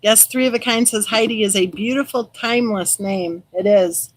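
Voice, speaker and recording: A woman's voice: mid-range voice, normal speed, poor audio. A middle-aged woman hosting a live stream, reading viewer comments aloud and replying to them by name. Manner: chatty, reads viewer comments aloud and replies warmly by name. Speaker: true crime channel host reading live chat. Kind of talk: casual live-stream chat.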